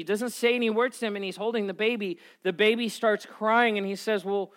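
A man preaching as a pastor, moving from quiet prayer to lively, animated storytelling. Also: high-pitched, moderate pace, few pauses. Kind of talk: sermon.

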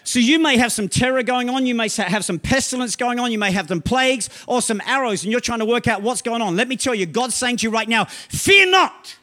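A male pastor preaching a sermon, often checking in with "right?" and reading scripture slowly, with loud emphatic outbursts. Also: extremely high pitch. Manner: bursts into loud shouts.

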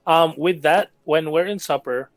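A man's voice: on the high side, unhurried, no room sound. A man playing a tabletop game in casual, playful chat. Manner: playful, laughs often. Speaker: player.

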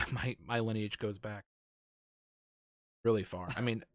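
A man hosting a casual chat, easygoing and curious, thinking out loud as he talks. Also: fairly low pitch, fairly even intonation, slow pace, dry recording, clean studio sound.

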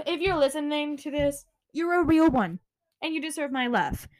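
A young woman hosting a casual solo podcast, ranting loudly with swearing and sudden screams while tidying her room. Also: sits high, animated, moderate pace. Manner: swearing, loud outbursts and screaming. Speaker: podcast host.

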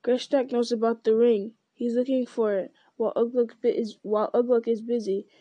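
A woman voicing a small, quick-witted young male hobbit who speaks carefully and quietly in an audiobook reading. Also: a little high, little pitch movement, dry recording, dull audio, lightly acted. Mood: quiet, scheming. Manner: careful, measured, quietly cunning.

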